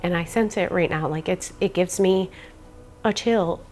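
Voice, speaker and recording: A woman's voice: lowish voice, unhurried, a little mellow, a little hiss or hum. A frightened woman in casual interview, talking in a rambling, nervous way and swearing often. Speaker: homeowner reporting a haunting.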